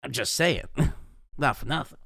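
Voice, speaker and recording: A man's voice: medium pitch, normal speed, vocal fry, bright, forceful tone, slightly rough, no room sound, clean studio sound. A young adult man hosting a live weather stream, talking casually through forecast maps and laughing at his own asides. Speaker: weather livestream host.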